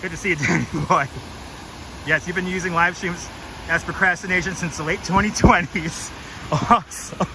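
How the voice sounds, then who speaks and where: A man's voice: high-pitched, steady tone, normal speed, noisy background. A man hosting a chatty walking livestream outdoors, greeting viewers and reading signs aloud on a clip-on mic. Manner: chatty, jokey, reads sign text aloud, greets viewers. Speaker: livestream host. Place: outdoors in a forest garden. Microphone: wireless clip-on mic.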